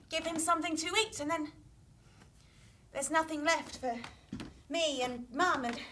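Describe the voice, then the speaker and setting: A woman's voice: high-pitched, a bit bright, a little hiss or hum, full character voice. A woman playing young Jack, an eager, restless boy who coaxes the audience to join in during interactive children's theatre.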